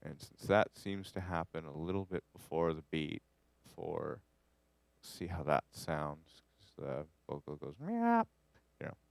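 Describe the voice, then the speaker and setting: A man from Canada teaches a live studio class on music production, with a very low voice. He rambles and cracks jokes while he edits, and the sound is dry and close. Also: steady tone, unhurried, gravelly, dry recording. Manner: rambling, jokey, talks to the audio as he edits.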